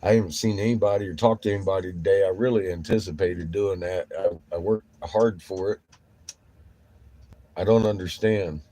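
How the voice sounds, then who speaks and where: A man's voice: low-pitched, fairly even intonation, normal speed, warm tone, low-quality recording. A tired man swearing and grumbling through a casual vlog monologue while driving. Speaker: vlogger on the road. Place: inside a vehicle while driving.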